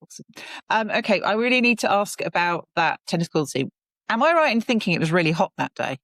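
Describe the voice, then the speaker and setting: A woman's voice: mid-range voice, very animated, quick pace, fairly bright tone, no room sound. Woman, interviewer, chatty, enthusiastic, dry close sound. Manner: chatty, enthusiastic, many fillers. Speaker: interviewer host. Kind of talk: casual interview chat.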